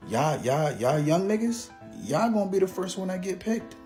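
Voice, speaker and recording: A man's voice: sits high, sing-song, normal speed, dark tone, soft background music. A man doing a comedic, profane casual rant with exaggerated jokes.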